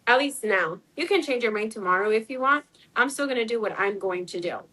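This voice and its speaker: A woman's voice: on the high side, lively intonation, a little fast, fairly bright tone, low-quality recording. A woman in her twenties, an interview guest, telling a personal story in a chatty way, acting out what people said and using lots of fillers. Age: 20s. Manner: chatty, acts out quoted dialogue, many "like" fillers.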